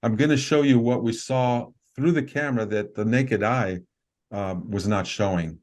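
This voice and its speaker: A man, a guest on a video call interview, telling a story in an earnest, halting way with many fillers and restarts. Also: medium pitch, a little mellow.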